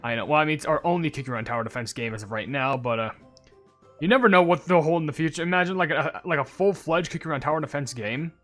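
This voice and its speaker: Chatty young gaming YouTuber. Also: male voice, fairly high pitch, fast. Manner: chatty, excitable, rambling. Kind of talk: casual gameplay commentary. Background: game music.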